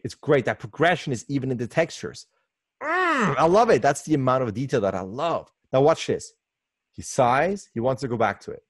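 A man's voice: medium pitch, no echo, studio quality. A man in his forties, a guest animator giving an enthusiastic webinar commentary from home over a video call mic, laughing often and gushing. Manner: excitable, laughs often, lively gushing delivery. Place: home workspace.

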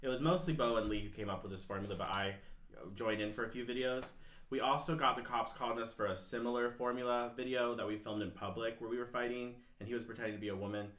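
A man's voice: mid-range voice, steady tone, fast talker, fairly bright tone, roomy sound. A young man, a podcast guest, telling rambling stories full of fillers in casual chat. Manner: rambling, filler-heavy storytelling.

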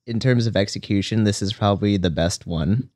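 Deep-voiced man, dry close sound. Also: a little mellow, no room sound. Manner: thoughtful, halting, repeats words. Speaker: podcast co-host. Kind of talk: casual podcast chat.

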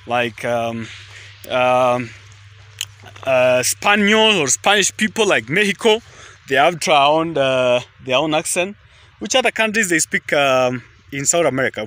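A young man with an East African accent talks to his viewers in a loose, chatty way, filming himself outdoors by a highway. His voice sounds very bright and sits a little high, and he keeps circling back to "guys" and "just". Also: expressive, unhurried. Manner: chatty, repetitive, often says "guys" and "just". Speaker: vlogger. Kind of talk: casual rambling vlog talk. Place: outdoors beside a highway at sunset.

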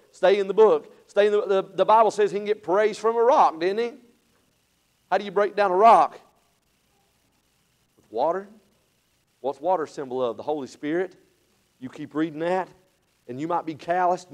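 A high-pitched man delivers a sermon from a church pulpit. His preaching comes in loud, rising bursts. Then he sinks to a low, quiet tone. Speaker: pastor.

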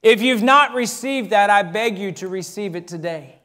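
A middle-aged pastor delivers a sermon in a church, his voice sitting high for a man. He pushes up into emphatic, ringing phrases, then drops into quieter, intimate storytelling. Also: normal speed. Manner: preaching with emphatic rises and hushed storytelling.

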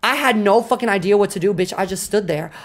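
A young woman streamer telling a story to her chat, animated and full of swearing and fillers. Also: medium pitch, quick pace. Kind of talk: casual storytelling to a live chat.

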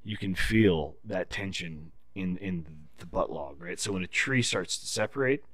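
A man's voice: sits low, animated, moderate pace, a bit bright, no room sound. A man in casual podcast chat, telling a profane story and explaining tree felling in technical detail. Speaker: podcast guest.

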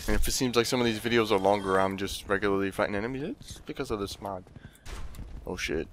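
A man's voice: on the low side, quick pace, slight background noise. A young man commentating his own gameplay, trash-talking enemies with lots of swearing and breaking into sudden yelps of alarm. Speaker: let's play host.

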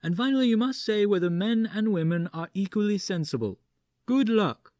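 A man voicing a gentle young male philosopher who speaks with an accent. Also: fairly high pitch, very animated, normal speed, no room sound, clean studio sound, voice pushed up.

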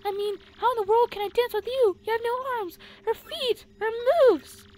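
A woman voicing a very high, sweet princess. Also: moderate pace, darkish tone. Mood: flustered. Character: sweet young princess, gentle and dreamy.

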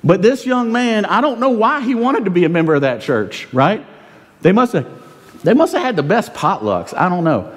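A man preaching a sermon in a church, animated and conversational, with frequent rhetorical tag questions to the congregation. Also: high-pitched, normal speed. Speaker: pastor. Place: church sanctuary. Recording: long reverb in a church.

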